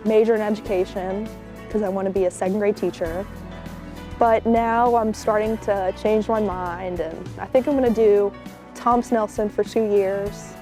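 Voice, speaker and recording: A woman's voice: medium pitch, warm tone. A teenage girl speaking openly and earnestly in a school profile interview. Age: teens. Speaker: high school student.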